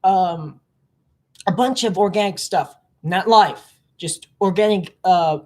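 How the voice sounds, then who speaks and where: A woman giving a casual, rambling reaction commentary as a space fan. She is sarcastic, leaps into high disbelieving tones, and trails off into quiet mumbled fillers. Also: slow pace. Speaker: space enthusiast reacting to a film.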